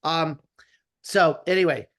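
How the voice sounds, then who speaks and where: A man in his fifties, a comedy writer guest, telling animated, rambling stories with lots of restarts and quoted asides. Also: fairly high pitch, takes it slowly. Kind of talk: casual storytelling interview.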